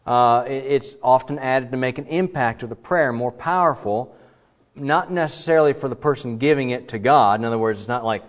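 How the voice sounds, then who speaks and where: A man's voice: medium pitch, fairly quick. Conversational preacher, man, lo-fi sound. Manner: conversational, with restarts and bursts of loud emphatic quoting. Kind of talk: sermon teaching on the psalms.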